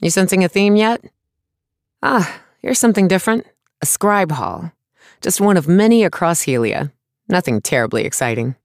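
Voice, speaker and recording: A man's voice: sits high, lively intonation, moderate pace, no room sound, studio quality, voice pushed up. A male narrator voicing a small, brusque, sarcastic woman artificer who talks bluntly and impatiently. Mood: bored.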